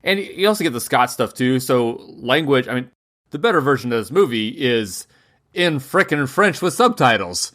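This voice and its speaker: A man co-hosting a film podcast in casual chat, rambling with frequent restarts and quick laughs. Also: medium pitch, sing-song, a bit bright. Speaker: podcast co-host.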